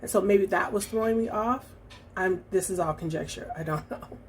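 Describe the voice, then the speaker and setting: A woman talking through her recent reading in a casual vlog, reflective and halting, with many fillers and restarts. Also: medium pitch, a little hiss or hum. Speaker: book vlogger. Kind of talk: casual book review vlog.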